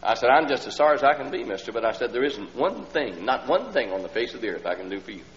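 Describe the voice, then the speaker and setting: A man's voice: mid-range voice, very animated, fast talker. A man preaching a sermon, telling a story in a folksy way and acting out the voices of the people in it. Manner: folksy storyteller who acts out the people in his story, rising to loud pleading. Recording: old LP sermon with hall reverb, dull lo-fi sound and faint hum.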